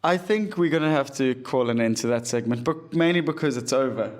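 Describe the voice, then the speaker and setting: A young man, co-hosting a casual podcast chat, joking and quick to burst out in loud disbelief. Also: mid-range voice, expressive. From South Africa. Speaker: podcast co-host.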